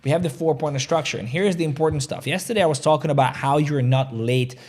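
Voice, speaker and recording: A man's voice: on the high side, fast, a little mellow. A man hosting a casual crypto trading livestream, talking energetically and reading out chat comments. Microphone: desk mic, studio chair creaking.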